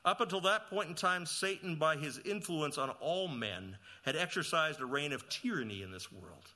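A man preaching a sermon, asking the listeners questions and reading scripture, rising to loud emphatic peaks and dropping to quiet low passages. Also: expressive, moderate pace. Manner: asks the listeners questions and reads scripture aloud. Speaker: pastor.

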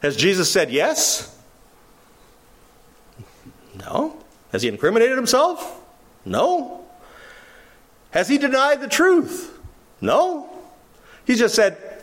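Animated man preaching a sermon. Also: very high voice, slow, pauses often. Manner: animated, sarcastic asides, acts out quotes. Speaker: pastor. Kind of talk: expository sermon.

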